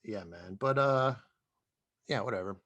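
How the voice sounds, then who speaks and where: A man's voice: fairly low pitch, measured pace, fairly bright tone, highs cut off. A man co-hosting a podcast in casual chat, laid-back and trailing off with fillers. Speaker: podcast co-host, comedian.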